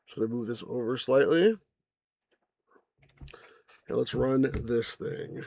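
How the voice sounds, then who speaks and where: Male host, casual and rambling, middle pitch, dry. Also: slow, gravelly, a little mellow, no room sound. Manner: rambling, chuckling, many restarts and asides to viewers. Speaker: game reviewer host. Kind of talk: casual gameplay commentary.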